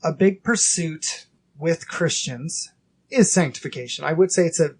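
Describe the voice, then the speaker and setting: A man in his thirties hosting a casual faith podcast, earnest and acting out inner dialogue in quick quoted bits. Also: fairly high pitch, slight background noise. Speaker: podcast host.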